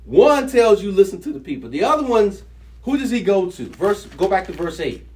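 A man teaching a Bible study, reading scripture aloud and then talking it through in an animated, conversational way with rhetorical questions. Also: sits high, normal speed, distant mic.

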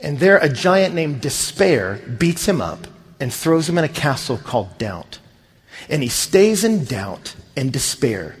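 Preaching with stories, a pastor animatedly takes on the voices of the characters he describes. He speaks at a measured pace in a slightly rough voice on the high side.

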